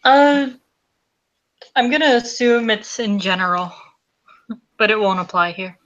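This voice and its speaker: Bright-voiced woman game master. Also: mid-range voice, lively intonation, a little slow, dull audio. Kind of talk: running a tabletop game.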